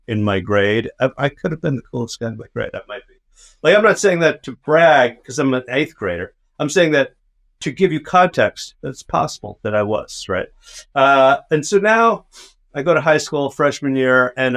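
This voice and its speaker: A man's voice: mid-range voice, fairly bright tone. A man co-hosting a podcast, telling a rambling, profane, self-mocking story in casual chat. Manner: rambling, profane, self-mocking, acts out his own past outbursts. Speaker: podcast co-host.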